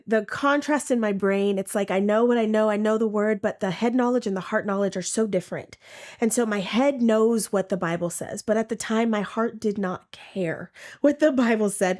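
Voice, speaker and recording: Woman telling her faith testimony, emotional and halting, keeps repeating words, middle pitch. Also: darkish tone. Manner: acts out her own past words. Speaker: testimony speaker.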